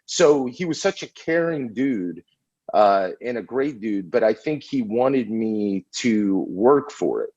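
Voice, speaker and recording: A middle-aged man from Indiana, a podcast guest telling animated stories about his past and often saying "man.". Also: on the low side, no room sound. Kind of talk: casual storytelling interview. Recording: dull lo-fi audio.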